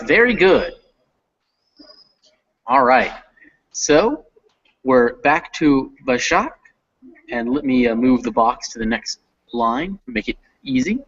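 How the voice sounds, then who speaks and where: A man's voice: mid-range voice, a bit bright, muffled recording. A man teaching an online reading lesson, patiently coaching pronunciation over a video call.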